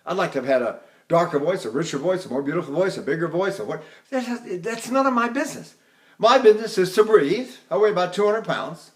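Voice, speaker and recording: A man's voice: high voice, animated, fairly quick. An older man giving a voice lesson in a rambling, conversational way, now and then singing short operatic phrases. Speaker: voice teacher. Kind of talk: recorded vocal lecture with sung demonstrations.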